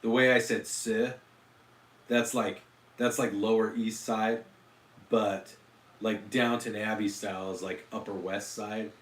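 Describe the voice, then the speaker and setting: A man's voice: on the low side, steady tone, unhurried, distant mic. A man hosting a casual livestream, rambling and self-deprecating, with lots of fillers and restarts. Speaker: livestream host. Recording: roomy echo.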